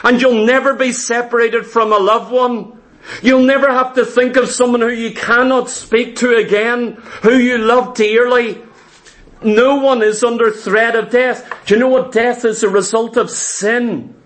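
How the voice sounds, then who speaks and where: A man preaching, his voice sitting unusually high. He builds his points through repetition and asks his listeners question after question. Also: fairly even intonation, measured pace, a bit bright. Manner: fervent, repetitive preaching cadence with rhetorical questions. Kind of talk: sermon.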